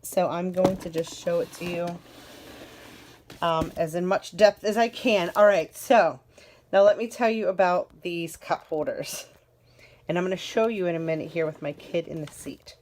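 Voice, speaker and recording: A woman's voice: lowish voice, fairly even intonation, normal speed, darkish tone. A woman giving a casual, enthusiastic product walkthrough as a parent, chatty and repeating words for emphasis. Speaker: parent reviewing a car seat.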